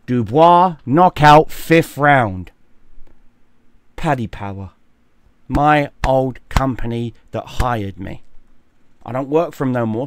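A man giving mocking, profane commentary on a fight, scornful and animated. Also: mid-range voice, dry recording. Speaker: gaming and boxing commentator.

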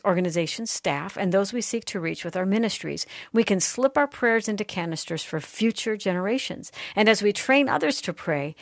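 A woman's voice: on the low side, creaky, dry recording. A woman hosting a faith radio talk show, speaking with emphatic, reflective conviction at a studio mic.

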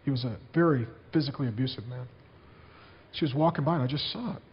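A man's voice: mid-range voice, fast talker, big-room sound, muffled recording, slight background noise. A man preaching a sermon as a pastor, telling stories to his congregation in an earnest way.

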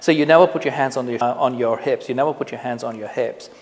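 A man teaching public speaking to the camera in a relaxed, conversational way, often repeating phrases for emphasis. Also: medium pitch, fast, long reverb tail. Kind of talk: casual on-camera lesson. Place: indoors, filming himself on camera. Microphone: camera mic, speaking to camera.

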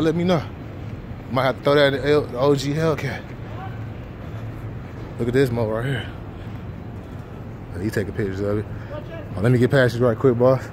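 A man's voice: fairly high pitch, background noise. A man vlogging on a handheld phone as he walks through a car show outdoors, hyped and slangy, talking straight to his viewers. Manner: hyped slangy street talk, addressing viewers. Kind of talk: casual vlog walk-through.

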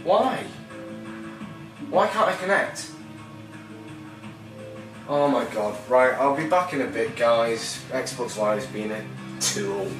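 A young man hosting a let's play, excitable and laughing, whooping and swearing casually as he plays. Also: mid-range voice, slow pace, pauses often. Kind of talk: excited gaming commentary. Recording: roomy, distant mic with game music. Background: game music.

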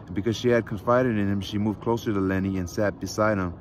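A man reading a novel aloud in steady, unhurried narration. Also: lowish voice, a little hiss or hum. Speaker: reader. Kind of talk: book read aloud.

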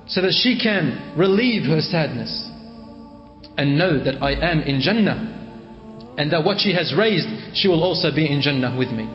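Guy preacher telling a story, voice a bit high, echoey hall, muffled lo-fi sound. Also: lively intonation, normal speed. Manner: retells a story in quoted speech, mixing in Arabic phrases. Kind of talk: dramatic religious storytelling. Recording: echoey hall, dull lo-fi sound, faint music.

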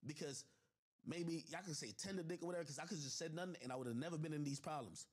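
A man on a livestream telling a personal story in an animated, profane way, addressing his viewers with lots of asides. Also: a little high, fast talker. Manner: animated and profane, with constant "I'm like" asides to the audience. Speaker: livestream host.

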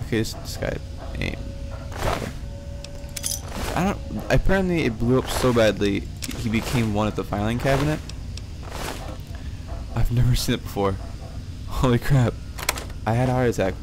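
A man's voice: lowish voice, normal speed, pauses often, background noise. A man giving rambling let's play commentary, swearing and breaking into jumpy outbursts, with game music behind him. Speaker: gameplay commentator.

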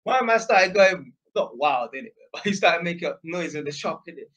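A man telling a story straight to camera in a loose, rambling way, full of slang and "innit". His voice sits a little higher than most men's. He keeps it casual and chatty. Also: normal speed, fairly bright tone. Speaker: vlogger.

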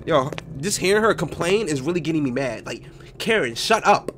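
High, excitable young man gaming. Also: normal speed, music in the background. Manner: jumpy and loud, yelling and trash-talking. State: out of breath. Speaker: gaming YouTuber. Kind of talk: excited horror game commentary.

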